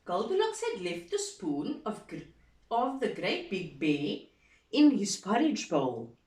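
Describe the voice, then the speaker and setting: A woman teacher reading a story aloud to children, animated and expressive, pausing to quiz the class. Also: medium pitch. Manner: animated, slow and expressive, asks the class questions. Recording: echoey room from far off.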